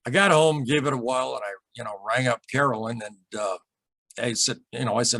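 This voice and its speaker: A man with a husky, mid-pitched voice recounts a strange personal encounter as a podcast guest. He speaks earnestly and haltingly, circling back and repeating himself. The sound is dry and close. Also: a bit bright, no echo. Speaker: podcast guest, UFO experiencer. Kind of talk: emotional storytelling interview.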